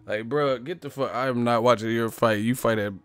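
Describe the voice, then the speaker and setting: A man's voice: medium pitch, fairly quick, smooth. Laughing, profane man ranting about boxing. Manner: profane, laughing often, mocking riffs. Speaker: boxing commentator. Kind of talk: casual comedic rant.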